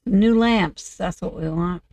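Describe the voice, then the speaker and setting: Slow, gravelly woman talking through a build. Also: fairly low pitch, darkish tone, no room sound. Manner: muttering to herself while working. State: coughing, voice off. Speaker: video game creator. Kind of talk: casual gameplay commentary.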